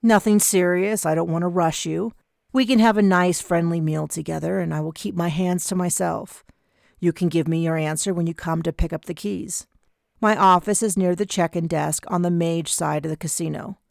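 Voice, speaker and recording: A woman voicing a formal, gentle man who pleads softly, reading an audiobook. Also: on the low side, fairly even intonation, normal speed, gravelly, dry recording, studio quality.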